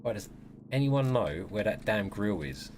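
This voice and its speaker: An excitable man streams a survival game and talks it through live. His low voice swings up and down a lot as he exclaims at what he sees. A faint hiss sits under the recording. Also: measured pace. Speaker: gaming streamer. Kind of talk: live gameplay commentary.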